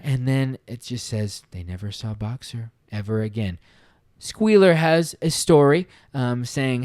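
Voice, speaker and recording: A man's voice: medium pitch, animated, unhurried, darkish tone, no room sound, clean studio sound. A man hosting a podcast, retelling a book's story in a casual, earnest, conversational way. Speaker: podcast host reviewing a book. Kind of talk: casual spoken book review.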